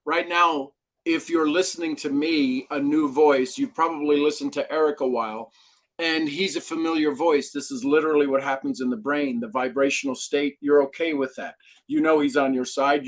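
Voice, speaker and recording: A man as a podcast guest, a brain trainer, explaining ideas and telling stories with lively acted-out quotes. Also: fairly high pitch. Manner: animated storyteller, acts out quotes. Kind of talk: podcast interview.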